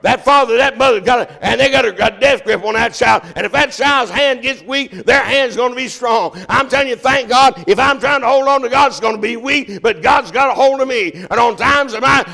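A man's voice: very high voice, a little fast, vocal fry, few pauses, sharp tone. An older man preaching a sermon as pastor, folksy and joking.

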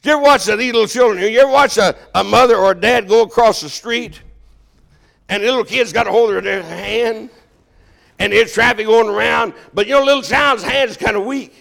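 A man's voice: sits high, fairly quick, gravelly, a bit bright. An older man preaching a sermon as pastor, folksy and joking.

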